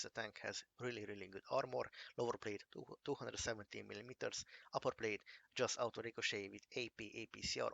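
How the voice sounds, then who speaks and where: A man giving a casual game review, enthusiastic and halting, calling things amazing again and again. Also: lowish voice, gravelly, pushed and bright. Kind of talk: casual gameplay commentary.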